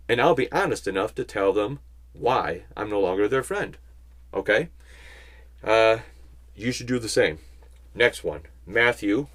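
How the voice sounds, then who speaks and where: A man giving a casual Bible teaching, chatting with rambling asides and slowing down to stress key points. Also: on the low side. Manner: conversational, rambling asides, slow emphatic stresses. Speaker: Christian speaker.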